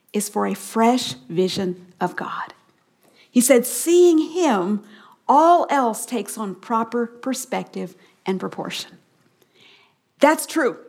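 On a radio program, a middle-aged woman with a slightly high, darkish voice gives a Bible teaching. She guides listeners through slow call-and-response repetitions of key phrases.

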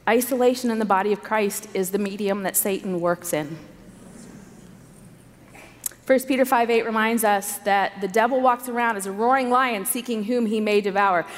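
At a women's conference in a large hall, a woman preaches an earnest sermon full of stories and emphatic repetition. She speaks at normal speed in a medium-pitched voice, recorded live with long reverb.

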